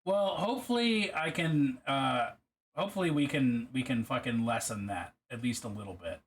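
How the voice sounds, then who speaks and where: A man streaming casually as he paints a miniature, rambling and self-deprecating, with halting restarts. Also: mid-range voice, lively intonation.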